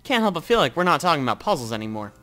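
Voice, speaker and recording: Brief: crude, sarcastic male gamer reading a story game, bright and animated. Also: fairly high pitch, very fast, faint music behind. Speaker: let's play commentator. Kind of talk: reading a visual novel aloud with commentary.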